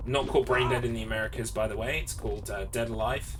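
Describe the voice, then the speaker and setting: A man's voice: medium pitch, fairly even intonation, quick pace. A man streaming a speedrun, chatting casually with viewers between frustrated outbursts. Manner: chatty, talks to chat between bursts of frustration. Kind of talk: casual commentary while gaming. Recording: distant mic with clear background noise.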